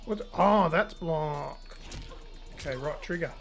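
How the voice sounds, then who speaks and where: An Australian man co-hosting a live show, chatting casually while playing a fighting game, excitable and swearing a lot. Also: a little high, slow, vocal fry, faint music behind. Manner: excitable, swears, laughs often. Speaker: co-host. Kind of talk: casual gaming banter.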